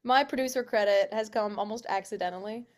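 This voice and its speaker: Young actress chatting in an interview, normal pitch, laughs a lot, says like constantly, swears here and there. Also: female voice, fairly quick. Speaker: actress guest. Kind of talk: casual interview chat.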